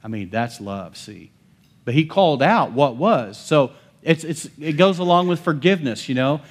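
A man preaching a sermon as pastor, emphatic and swinging between bold calls and hushed asides, often calling to the congregation for amens. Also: on the high side, expressive, normal speed, breathy edge.

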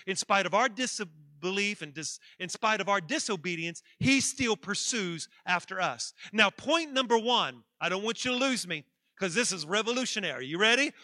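A man preaching a sermon in a church, calling out to the congregation and building to loud, emphatic peaks. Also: sits high, no echo.

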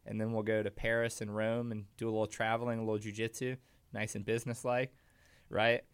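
A man talking as a guest on a radio show, telling animated, funny stories and laughing easily. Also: lowish voice, a little fast, smooth, dry recording. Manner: animated storyteller, laughs a lot. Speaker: guest, jiu-jitsu competitor. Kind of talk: casual podcast interview.

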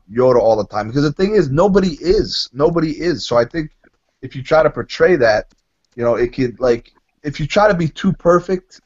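Man, animated and foul-mouthed storyteller, mid-range voice, slightly muffled recording. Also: mid-range voice. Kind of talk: casual podcast chat.

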